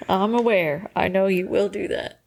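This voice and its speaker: A woman's voice: mid-range voice, normal speed, gravelly, a little mellow. A woman in her forties co-hosting a casual podcast, talking candidly and laughing often. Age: 40s. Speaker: podcast co-host. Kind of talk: casual chat.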